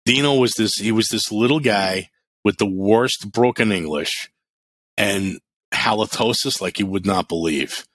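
A man's voice: lowish voice, unhurried. A middle-aged man chatting on a podcast, telling blunt, profane stories with lots of energy. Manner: animated storyteller, blunt and profane. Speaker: podcast co-host. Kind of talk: casual podcast chat.

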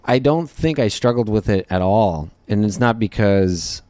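A man guesting on a podcast, talking in a loose, rambling way full of fillers. His voice is fairly low. The sound is dry and close, with no room around it. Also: lively intonation, unhurried, dark tone, dry recording. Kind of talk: casual interview chat.

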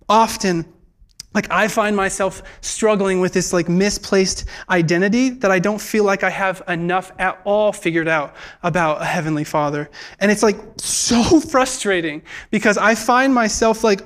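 A young man giving a sermon in a church, earnest and halting, with many filler words and restarts. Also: high-pitched, fairly bright tone. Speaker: preacher.

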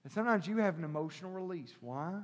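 A male pastor preaching a sermon, shifting from quiet teaching to loud shouted preaching and calling the listeners brother and sister. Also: sits high, animated, quick pace. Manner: calls the congregation brother and sister. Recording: long hall reverb.

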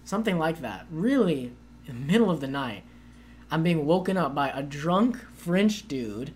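A woman's voice: low-pitched, moderate pace. A woman co-hosting a casual chat, telling a long story with many fillers and acted-out quotes. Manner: animated, acts out quoted voices with lots of "like".

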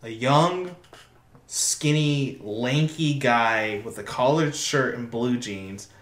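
A man's voice: mid-range voice, slow pace, fairly bright tone. A man co-hosting a podcast offers wry, playful advice to a friend. His voice sits in the middle range. The room echoes noticeably. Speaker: podcast co-host. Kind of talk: casual chat.

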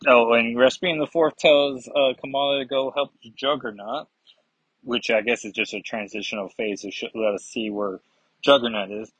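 A man reviewing a comic casually, reading aloud with halting fillers and asides. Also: mid-range voice, fairly even intonation, fairly bright tone, breathy edge, no echo, muffled recording.

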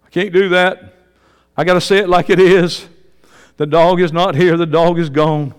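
A man preaching a sermon, emphatic and folksy, swinging from loud declarations to low asides. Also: steady tone, normal speed, smooth, long reverb tail.

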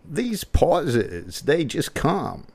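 A man's voice: a little high, big pitch swings, very slow, darkish tone, slightly rough. A man commenting on impressions in a video clip, approving and wry.

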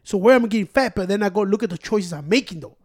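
Man, young adult, high-pitched, dry close sound, swearing, worked up. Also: very fast, no room sound. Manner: mixes Spanish and English, swears, gets loud and worked up. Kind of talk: casual chat.

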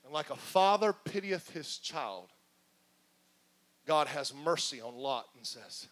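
A pastor preaching a sermon to his congregation, swinging from hushed, muttered asides to shouted calls. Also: a little high, expressive, slow, long pauses. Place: church sanctuary with congregation.

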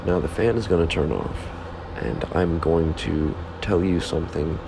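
A man's voice: sits low, normal speed, creaky. A man hosting a solo podcast at home, rambling to himself in a self-interrupting monologue, heckling himself as he goes. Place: home room with a fan. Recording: background fan hum.

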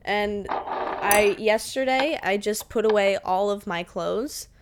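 A young woman co-hosting a podcast in casual chat, with dry, deadpan humor. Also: mid-range voice, slow pace, noisy background. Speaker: podcast co-host.

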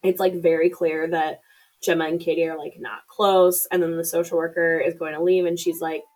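A woman's voice: fairly low pitch, flat delivery, moderate pace, a little mellow, poor audio. A woman co-hosting a podcast, retelling a film's plot in a chatty, blunt way with fillers. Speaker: podcast co-host. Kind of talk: casual film recap chat. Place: room shared with co-host.

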